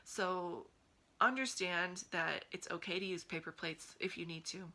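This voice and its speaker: A woman's voice: on the low side, unhurried, sharp tone, low-quality recording. A woman vlogger giving a heartfelt, earnest talk to camera, pleading and encouraging.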